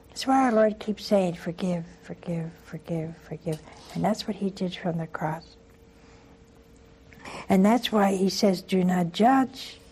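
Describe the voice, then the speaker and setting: An older woman with a husky voice hosts a religious call-in show as a nun. She talks earnestly, repeats herself for emphasis and acts out the people in her stories. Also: lowish voice, a little mellow, poor audio. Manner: earnest, with acted-out anecdotes and repetition. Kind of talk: call-in religious talk with storytelling.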